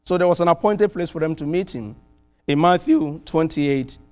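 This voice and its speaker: A middle-aged male preacher from abroad, with a high-pitched voice. He tells a story in his sermon with lively energy, and his voice rises loud on exclamations. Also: moderate pace, clear, resonant tone, faint music behind. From outside the US.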